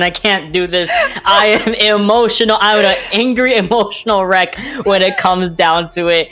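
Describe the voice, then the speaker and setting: An excitable esports caster, gushing through live game commentary with faint music behind. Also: mid-range voice, moderate pace, few pauses.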